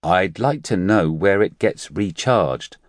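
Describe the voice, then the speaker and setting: Narrator as a low-voiced, earnest man lost in a strange era; inquisitive, puzzled questions. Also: animated, takes it slowly, no room sound, studio quality. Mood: curious. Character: curious bewildered man out of his time.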